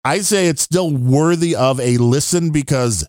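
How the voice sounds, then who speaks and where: A man's voice: fairly high pitch, a little slow, a little mellow, no room sound, clean studio sound. A man co-hosting a podcast, rambling and grumbling through his opinions in casual chat. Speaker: podcast co-host.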